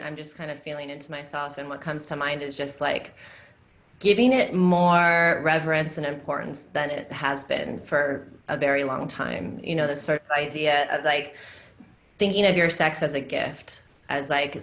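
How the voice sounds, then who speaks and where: Low-pitched woman talking loosely. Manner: relaxed and reflective, frequent likes and laughs. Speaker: guest, dominatrix and somatic educator. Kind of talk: casual podcast conversation.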